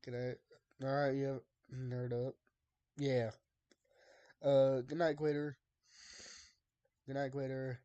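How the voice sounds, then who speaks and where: A young man streaming from his desk mic, talking at an unhurried, dragging pace. He banters with his chat and sounds fed up with their jokes. His voice sits at an ordinary middle pitch. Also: little pitch movement, mellow, smooth, highs cut off. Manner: drawling, exasperated banter with chat, laughs often. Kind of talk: casual live-stream chat.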